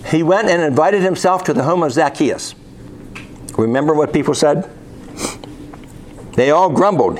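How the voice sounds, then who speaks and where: A man's voice: a little high, expressive, moderate pace, long pauses, slight background noise. A man preaching a sermon, reading scripture aloud and asking his listeners rhetorical questions.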